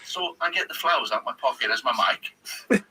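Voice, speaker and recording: Welsh ex-footballer guest, lively storyteller, sits back from the mic with background noise. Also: male voice, medium pitch, normal speed, far from the mic, poor audio. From Wales. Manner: animated, laughs through his storytelling. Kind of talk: casual anecdote telling.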